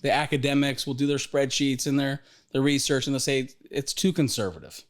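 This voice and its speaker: A middle-aged man hosting a podcast, telling stories in a lively, rambling way, often restarting his sentences. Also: mid-range voice, a little fast. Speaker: podcast host, financial advisor. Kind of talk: casual storytelling conversation.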